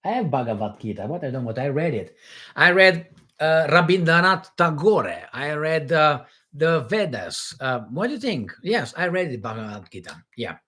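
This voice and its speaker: A man from Romania, hosting a casual livestream Q&A in a rambling, animated way from home. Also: on the high side, moderate pace, slightly rough. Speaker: livestream host.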